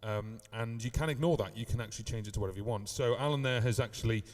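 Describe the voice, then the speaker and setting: A man's voice: medium pitch, fast, darkish tone, in a large hall. A man from the UK teaching live looping in a casual live stream, rambling with many fillers and beatboxing now and then. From United Kingdom.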